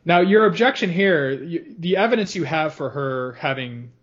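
A man talks through a film with a co-host, lively and quick to laugh. His voice sits at an ordinary pitch. The audio is a bit dull and lo-fi. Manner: animated, laughs often, quotes lines in funny voices. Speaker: podcast co-host. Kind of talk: casual film discussion.

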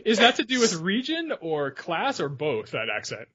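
A man's voice: high voice, wildly swooping pitch, normal speed, pushed and bright, husky, highs cut off. A man hosting a podcast, steering the talk and asking curious questions. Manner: curious, asks lots of questions. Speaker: podcast host. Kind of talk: casual podcast chat.

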